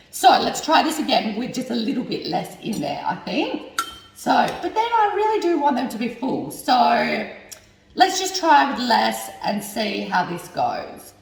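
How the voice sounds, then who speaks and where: A woman's voice: on the high side, creaky. A young woman making a cooking vlog, chatting and thinking aloud as she cooks and swearing when things go wrong. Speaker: cooking vlogger. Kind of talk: casual cooking chat. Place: home kitchen. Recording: echoey kitchen, mic at a distance.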